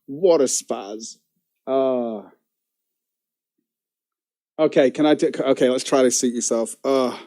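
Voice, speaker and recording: A man's voice: medium pitch, takes it slowly, long pauses, warm tone. A man streaming live and commenting casually in a profane, giggly, mocking way.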